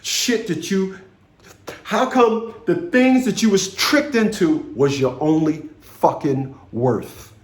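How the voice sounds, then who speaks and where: Brief: man, fifties, vlog rant, forceful and repetitive, slightly high voice, roomy echo. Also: very animated, slow. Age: 50s. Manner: blunt, profane, commanding, repeats phrases for emphasis. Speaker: vlogger. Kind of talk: storytelling rant to camera.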